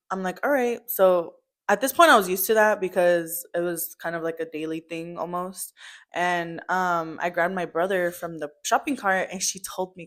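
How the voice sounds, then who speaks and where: A woman's voice: on the low side, fairly bright tone. A young woman telling her mother a family story in casual chat, full of "like" and "um" fillers.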